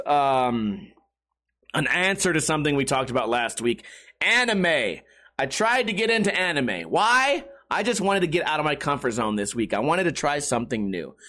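A man's voice: fairly high pitch, pushed and bright. A middle-aged man hosting a podcast and ranting casually, profane and sarcastic. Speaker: podcast host.

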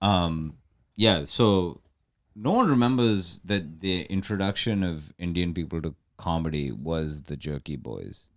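A man's voice: low voice, lively intonation, unhurried, dry recording, studio quality. A man co-hosting a podcast in casual, blunt, teasing banter. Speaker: podcast co-host. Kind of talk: casual chat.

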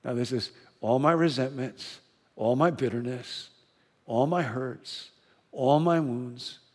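A male pastor delivers a sermon in a storytelling manner, with earnest and deliberate repetition. His mid-pitched voice rings out with a long reverb through the church sanctuary. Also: a little mellow.

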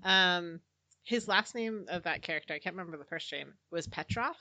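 A woman's voice: fairly low pitch, moderate pace, bright, forceful tone, no echo. A woman in a casual book club chat, rambling with fillers and laughing often. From Southern California.

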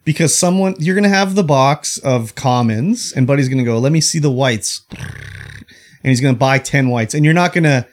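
A man's voice: mid-range voice, expressive, a little fast, hardly any pauses. Swearing, ranting podcast co-host man. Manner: ranting storyteller, acts out quoted coworkers; swears casually. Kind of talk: casual chat.

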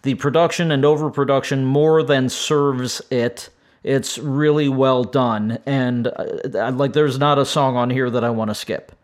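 A man's voice: medium pitch, steady tone, unhurried. A middle-aged man hosting a music podcast, reviewing albums in a casual, enthusiastic and rambling way, tired and breaking off now and then to chuckle. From St. Louis, United States. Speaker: podcast host.

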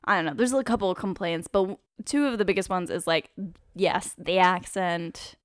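A woman's voice: on the low side, moderate pace, no room sound. Playful female co-host, laughs easily, dry close recording. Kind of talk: casual movie chat.

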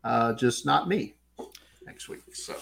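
A man's voice: medium pitch, slow pace, creaky. Man, Southern US accent, podcast co-host, laid-back sports talk, filler-heavy. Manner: relaxed, many fillers. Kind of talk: casual sports chat.

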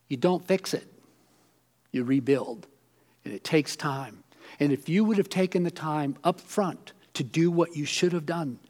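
A middle-aged male pastor preaching a sermon, acting out imagined voices and swinging from loud outbursts to hushed lines. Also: fairly high pitch.

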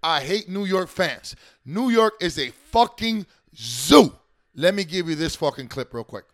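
A man's voice: fairly high pitch, lively intonation, measured pace. A man hosting his show, talking in an emphatic, rambling way full of swearing and restarted sentences. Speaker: show host. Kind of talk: profane rambling commentary.

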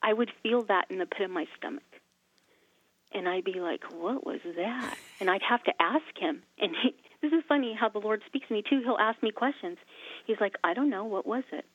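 A woman's voice: mid-range voice, brisk, no room sound. A woman hosting a faith talk show, telling stories and acting out the dialogue in them. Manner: animated, acts out quoted dialogue. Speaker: host. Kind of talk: casual faith conversation, storytelling. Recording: tinny phone-like line, dry.

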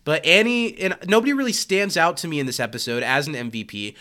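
Bright-voiced male podcast host, under the weather. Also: fairly high pitch, fast talker. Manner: relaxed, joking, stumbles over words. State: sick, hoarse voice. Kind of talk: casual chat.

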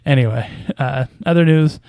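A man's voice: medium pitch, moderate pace, darkish tone, no room sound. A man casually commenting on basketball news as a podcast host, with a hesitant, wry delivery full of fillers and small chuckles.

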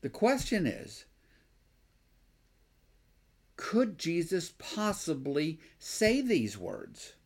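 Lively, questioning male preacher. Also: on the high side, slow. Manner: thinking aloud with restarts and rhetorical questions; acts out the scribes' objections. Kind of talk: sermon.

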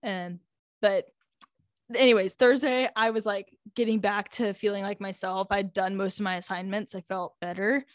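A woman's voice: mid-range voice, steady tone, moderate pace, dry recording, studio quality. An eighteen-year-old woman telling a casual storytime vlog, chatty and full of fillers, laughing often as she talks. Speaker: high school student.

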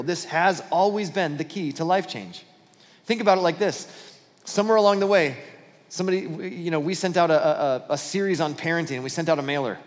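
A man's voice: high-pitched, in a large hall. A man preaching a sermon as pastor, telling a Bible story with acted-out dialogue and frequent restarts.

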